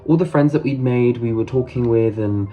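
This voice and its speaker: A man's voice: mid-range voice, normal speed, highs cut off. A man telling a story in a casual vlog, chatty and gushing, swearing casually as he goes. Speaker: vlogger.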